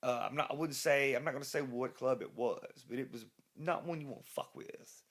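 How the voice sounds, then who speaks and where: A man's voice: medium pitch, brisk, fairly bright tone. A man, a rock musician being interviewed, telling a rambling, profane anecdote full of restarts. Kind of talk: casual storytelling interview.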